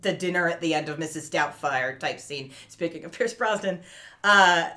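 A woman co-hosting a casual podcast, retelling a TV episode and acting out the characters' lines. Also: on the low side. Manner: animated, acts out characters' lines in quick quotes. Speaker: podcast co-host. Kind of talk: casual chat recapping a TV episode.

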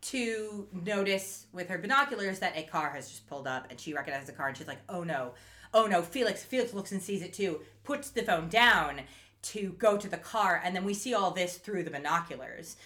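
Animated woman recapping a show. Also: on the low side, brisk. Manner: animated, acts out quotes, swears casually. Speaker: podcast co-host. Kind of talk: casual recap chat.

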